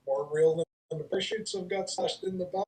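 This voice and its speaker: A man narrating as game master for a streamed tabletop game, describing the scene in an unhurried way with pauses. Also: high voice, steady tone, darkish tone, low-quality recording.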